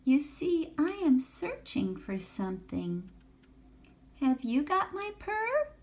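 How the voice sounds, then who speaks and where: Granny voicing a sad little kitten. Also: female voice, wildly swooping pitch, slow pace, a little mellow, heavily acted. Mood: pleading. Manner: high pleading questions. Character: small sad young female kitten, earnest and determined.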